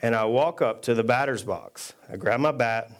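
Man preaching in a relaxed chatty way. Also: mid-range voice. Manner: casual storytelling with self-deprecating humor; reads scripture aloud at a quick clip. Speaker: pastor. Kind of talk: conversational sermon.

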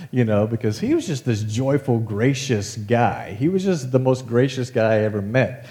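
A man's voice: medium pitch, a little fast, few pauses, mellow. A middle-aged man preaching a casual sermon, conversational and self-deprecating, telling stories with animation. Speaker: pastor.

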